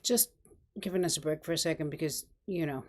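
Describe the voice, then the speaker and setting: Low-voiced woman making wry stream asides. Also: brisk. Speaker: stream host. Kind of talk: casual live-stream commentary.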